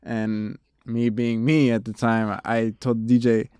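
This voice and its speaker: Young male musician guest, relaxed storyteller, mid-pitched, crisp close-mic sound. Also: unhurried, few pauses, no room sound. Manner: laid-back storyteller, laughs and swears often. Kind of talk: casual interview chat.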